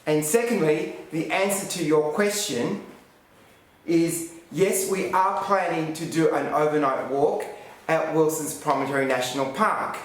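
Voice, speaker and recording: A man's voice: fairly high pitch, fairly even intonation, measured pace. A man with an Australian accent hosting a casual vlog chat in a cheeky, teasing manner. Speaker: vlog host. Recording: very echoey room.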